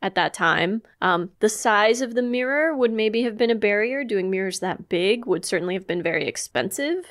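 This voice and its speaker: A woman's voice: medium pitch, lively intonation, normal speed, few pauses, fairly bright tone. A woman co-hosting a podcast, chatting casually and explaining facts she has researched. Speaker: podcast co-host. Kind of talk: casual chat.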